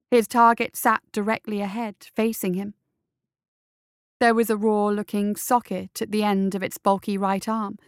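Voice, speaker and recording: A woman narrating a fantasy story in a measured, deliberate reading. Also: medium pitch, smooth, no echo, clean studio sound. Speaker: story reader.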